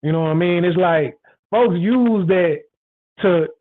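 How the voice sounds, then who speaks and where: A man with a high voice hosts his own show, speaking in a loose, frank casual monologue. He circles back and repeats himself for emphasis. The sound is thin and tinny, like a phone line. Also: a little slow. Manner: rambling, repetitive, frank and emphatic. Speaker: show host.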